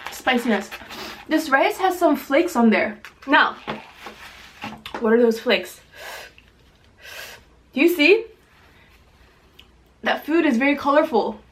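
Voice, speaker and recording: A high-pitched woman chats excitably to the camera while eating, describing each dish. She sounds sweaty and teary from spicy food, recorded at home on a camera mic. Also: a little hiss or hum. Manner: chatty, excitable, exclaims often. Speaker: mukbang host. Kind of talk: casual food vlog chat to camera.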